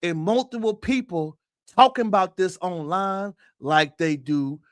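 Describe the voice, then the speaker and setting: A high-pitched man hosts an opinionated livestream, talking straight to his viewers. He hammers points with rhetorical questions and repeated phrases and sometimes breaks into a shout. The sound is dry and close, with no room echo. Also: a little slow. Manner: emphatic, rhetorical questions, addresses viewers directly. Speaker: livestream host.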